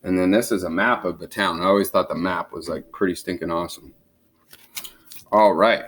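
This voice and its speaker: A teacher reading a picture book aloud to his students. He is a man with a relaxed, easygoing manner. He drops casual asides between the pages. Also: deep voice, brisk.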